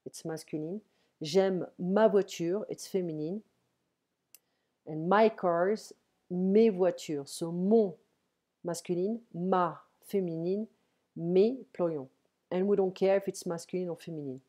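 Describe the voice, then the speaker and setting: A woman with a French accent giving a relaxed online French lesson, explaining step by step and checking in with frequent "ok"s. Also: lowish voice. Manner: explains slowly, switching between French and English, with frequent "ok". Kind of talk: casual one-on-one French lesson. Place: home. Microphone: computer mic on an online call.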